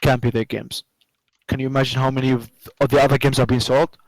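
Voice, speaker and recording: A man developer chatting casually while coding, halting and repeating words, muttering to himself at times. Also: medium pitch, flat delivery, dry recording, rough recording. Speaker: game developer streaming.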